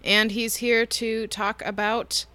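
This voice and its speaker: A woman's voice: on the high side, little pitch movement, slow, bright, forceful tone, clean tone, no room sound. A woman hosting a podcast, chatting casually with dry, teasing quips. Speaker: podcast host. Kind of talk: casual chat.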